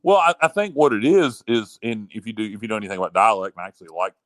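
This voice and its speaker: A man's voice: lowish voice, very animated, racing, fairly bright tone, dry recording. Boastful rambling man on sports radio. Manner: boastful, rambling, repeats himself. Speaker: sports talk show host. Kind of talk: casual sports chat.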